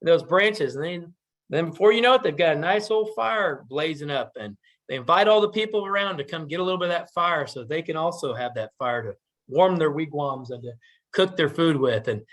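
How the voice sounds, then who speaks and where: A man telling a traditional story casually at a community meeting, relaxed and animated. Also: on the high side.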